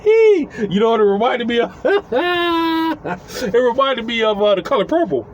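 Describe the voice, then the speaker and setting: A man telling a casual, profane story, animated and chuckling as he acts out what people said. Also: very high-pitched, slow pace, slight background noise, poor audio.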